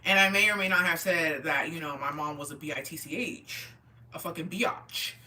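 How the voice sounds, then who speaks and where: Profane bright-voiced woman telling stories. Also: low-pitched, moderate pace, distant mic. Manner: profane, animated, reacting to chat. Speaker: streamer reading chat. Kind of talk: casual storytelling chat.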